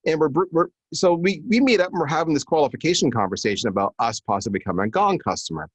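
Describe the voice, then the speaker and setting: A man tells a story as a webinar guest, his pitch leaping about in lively swings. He acts out the quotes as he goes. The sound is close and dry. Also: fast, breathy edge, dry recording. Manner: animated storyteller acting out quotes. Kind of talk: casual webinar conversation.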